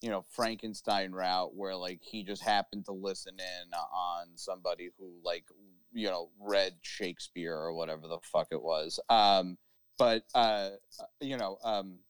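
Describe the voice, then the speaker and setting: A man co-hosting a casual podcast chat, rambling through his points with many fillers and swearing freely. His voice is smooth and mid-pitched, recorded close and dry. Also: fairly even intonation, unhurried, no room sound. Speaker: podcast co-host.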